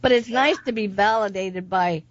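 A middle-aged woman co-hosting a radio talk show, steady and advising, often agreeing aloud. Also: medium pitch, normal speed, no echo, highs cut off. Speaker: radio show co-host, guest's mother.

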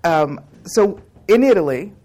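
A woman's voice: on the low side, animated, unhurried, mellow, breathy edge. Chatty laughing woman speaking to an audience. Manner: chatty, joking, laughs often; rambling, with many restarts and fillers. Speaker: class facilitator. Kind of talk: casual talk to a live audience.

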